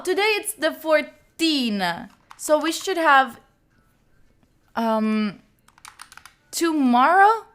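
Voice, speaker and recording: A young woman, chatting excitedly with viewers on a live stream and thanking them by name. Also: on the high side. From Italy. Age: young adult. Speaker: study streamer. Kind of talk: casual live-stream chat.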